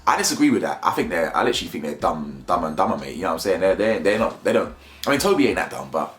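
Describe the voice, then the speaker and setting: A man's voice: sits low, very animated, racing, a bit bright, roomy sound. A man giving a blunt, mocking, slangy review of a reality show in casual commentary.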